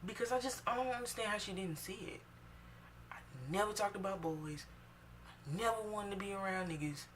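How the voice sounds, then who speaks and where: A woman telling a personal story for her vlog, animated and emphatic, swinging between loud outbursts and hushed asides. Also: medium pitch, brisk, recorded from a distance, a little hiss or hum. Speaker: vlogger.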